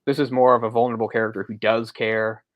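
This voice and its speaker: A man's voice: mid-range voice, flat delivery, fast talker, no room sound, dull audio. A man co-hosting a movie discussion podcast, talking in a rambling, self-correcting way with frequent chuckles. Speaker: podcast co-host.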